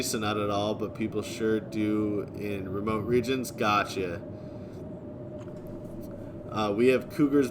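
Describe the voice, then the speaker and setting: A man live-streaming, reading and answering viewer chat in a relaxed way, chuckling often. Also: mid-range voice, background noise. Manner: laid-back, chuckling often, thanking viewers.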